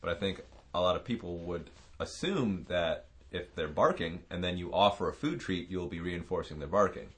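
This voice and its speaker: A man's voice: low-pitched, animated, normal speed, hardly any pauses, fairly bright tone. A man co-hosting a talk show, thoughtfully asking a follow-up question. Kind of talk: casual radio chat.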